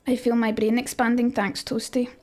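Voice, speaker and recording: A young woman with a Scottish accent talks through Shakespeare for her livestream audience in a loose, rambling way. Her voice sits high, and she breaks off often to answer messages from chat. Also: flat delivery, moderate pace, a little mellow, soft background music. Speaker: streamer teaching Shakespeare to chat. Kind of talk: casual livestream lesson.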